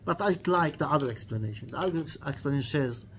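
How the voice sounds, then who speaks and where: A man teaching a weekly religious lesson, telling stories in an animated way with quoted dialogue, earnest, and repeating key phrases. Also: fairly high pitch, quick pace, a little hiss or hum. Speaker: Torah teacher.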